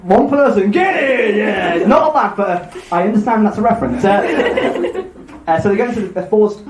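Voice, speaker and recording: A man's voice: high voice, lively intonation, brisk, a crowd in the background. Rambling self-mocking male podcast host. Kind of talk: live podcast retelling of a myth. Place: live event room with audience. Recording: echoey live room, faint noise.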